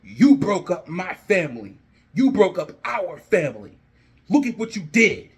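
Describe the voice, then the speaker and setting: A man acting out a young male wrestler who has been betrayed and is furious, shouting accusations and threats as he retells a storyline. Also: on the high side, expressive, takes it slowly. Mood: vengeful. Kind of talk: acted-out fan storytelling.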